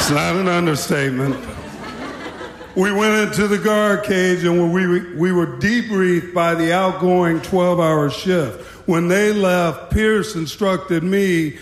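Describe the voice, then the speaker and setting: Slow, high-voiced male storyteller in a hall. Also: slight background noise. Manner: dramatic, wry storytelling. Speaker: speaker recounting his time as a prison guard. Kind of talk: storytelling talk. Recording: echoey hall.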